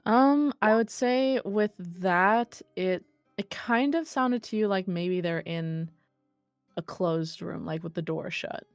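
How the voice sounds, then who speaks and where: A woman's voice: mid-range voice, takes it slowly, smooth, no echo, soft background music. A woman narrating a tabletop role-play as game master in a casual way, speaking over a voice call. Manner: casual, swears, laughs.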